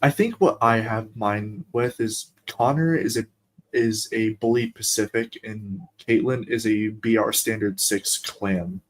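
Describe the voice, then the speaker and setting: A young man from the eastern US chats on a stream in a lowish voice. He rambles and jumps between ideas, with a playful, casual tone. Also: unhurried. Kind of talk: casual chat.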